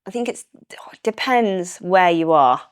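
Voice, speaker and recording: A young woman with a Welsh accent, chatting as an estate manager in an interview, relaxed and enthusiastic and quick to laugh. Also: fairly low pitch, smooth, no room sound, studio quality. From Wales. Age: young adult. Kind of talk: casual interview chat.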